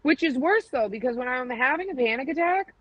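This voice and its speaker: A woman's voice: high-pitched, animated, brisk, no echo, highs cut off. A woman co-hosting a podcast, telling stories in candid casual chat, acting out quoted dialogue and swearing freely. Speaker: podcast co-host.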